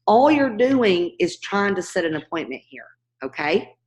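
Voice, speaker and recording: A woman's voice: mid-range voice, very animated, a little slow. A woman teaching a class on cold calling, upbeat and direct, speaking to her students by name. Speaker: real estate investing coach.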